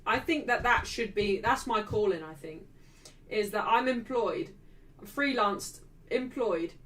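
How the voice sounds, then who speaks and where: A woman's voice: medium pitch, a bit bright, distant mic, rough recording. A woman hosting a football watchalong stream, ranting and swearing as she talks to her chat. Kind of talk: casual live-stream chat.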